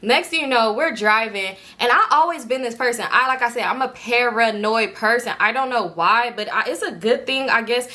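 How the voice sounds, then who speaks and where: Woman spilling a wild storytime, loud cussing, laughing, bright sharp voice a bit high. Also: normal speed, few pauses. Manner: animated, profane and laughing. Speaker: storytime vlogger. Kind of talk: casual storytime.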